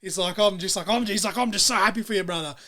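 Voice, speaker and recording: Lively podcast host. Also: male voice, high voice, fast. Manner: animated, acts out quotes loudly. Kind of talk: casual podcast interview.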